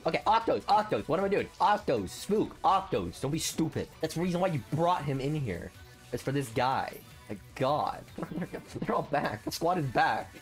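Excitable man narrating his gameplay. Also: a little high, moderate pace, soft background music. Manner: excitable, grumbling then cheering loudly; slangy, swears casually. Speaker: video game channel host. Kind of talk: live gameplay commentary.

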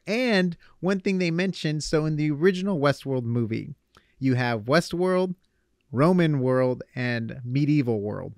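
A young man hosting a podcast, chatting casually in an animated way. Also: medium pitch, no room sound, studio quality. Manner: animated, quick asides and laughs. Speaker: podcast host. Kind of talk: casual chat.

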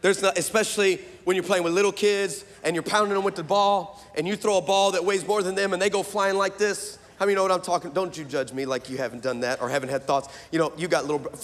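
Male pastor, high voice, lively comic sermon storyteller, big hall reverb. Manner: animated, fast, bursts into excited shouts.

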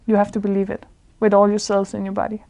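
A woman's voice: mid-range voice, monotone, quick pace, gravelly, mellow. A woman giving an informal spiritual talk to a small group indoors. She sounds earnest, searches for her words, and often laughs. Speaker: spiritual speaker.

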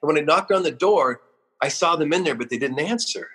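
Husky-voiced man in his fifties, podcast guest; emotional, self-deprecating stories, stumbles and restarts. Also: a little high, lively intonation, a little fast, fairly bright tone, low-quality recording. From Oregon, USA. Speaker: guest, roofing company founder. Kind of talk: casual podcast storytelling.

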